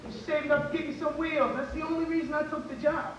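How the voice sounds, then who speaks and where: A man's voice: very high voice, level tone, fast talker, background noise. A teenage boy playing a cocky greaser in a school stage show, putting on a hammy tough-guy accent. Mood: mocking. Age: teens. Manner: hammy and over the top. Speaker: high school actor. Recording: echoey dull hall recording from far off, music.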